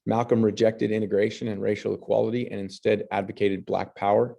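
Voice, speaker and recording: A man's voice: fairly low pitch, level tone, a little fast, creaky, mellow, muffled recording. A man teaching history, reading passages and then commenting on pictures, with fillers and restarts. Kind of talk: lecture over slides.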